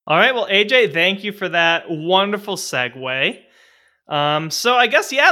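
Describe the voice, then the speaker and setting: Bright, lively man hosting a podcast. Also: high-pitched. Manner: playful, teasing, animated. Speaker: dungeon master and podcast host. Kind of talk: joking podcast intro among friends.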